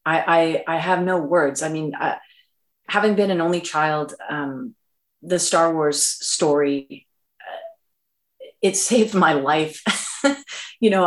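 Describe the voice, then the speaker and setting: A middle-aged woman, a voice actress, answering interview questions in an earnest, halting way with many fillers and restarts. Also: low-pitched. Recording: roomy echo.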